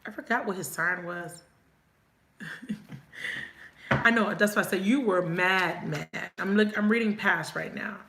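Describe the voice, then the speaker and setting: A woman's voice: mid-range voice, unhurried, long pauses, a bit bright, reverberant, slight background noise. A woman reading tarot cards in a casual live chat, swearing now and then and laughing often as she talks to viewers. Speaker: tarot reader.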